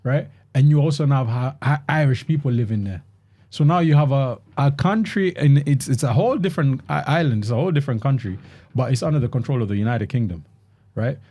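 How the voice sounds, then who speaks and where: A man talking casually in a group discussion, animated, often repeating and restarting words. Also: medium pitch, quick pace. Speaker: host. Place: London.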